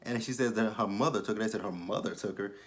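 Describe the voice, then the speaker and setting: A man's voice: fairly low pitch, fast. A young man hosting a casual episode review, talking loosely, swearing freely and acting out the characters' lines. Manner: animated, profane, acts out the characters' lines. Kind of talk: casual recap and commentary.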